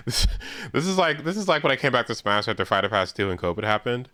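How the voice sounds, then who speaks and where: A man streaming a story game live, ranting in an animated, profane way and often repeating himself. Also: medium pitch, brisk. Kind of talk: live gameplay commentary.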